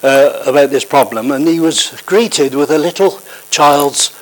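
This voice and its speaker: A man's voice: on the high side, unhurried, poor audio. A middle-aged man preaching and telling a story in a conversational, hesitant way, full of fillers. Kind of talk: sermon with an anecdote.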